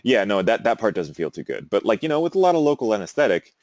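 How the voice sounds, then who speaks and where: A man's voice: fairly low pitch, big pitch swings, fast, darkish tone, muffled recording. A male teacher giving a casual classroom lecture, wandering into amused side stories. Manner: casual, rambling, self-amused asides.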